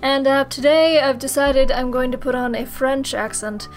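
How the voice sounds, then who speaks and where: A woman with a high, light voice answers viewer questions in a casual vlog. She rambles, giggles often and jokes at her own expense. Faint music plays quietly behind her. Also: steady tone, moderate pace, hardly any pauses. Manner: giggly, self-mocking and rambling.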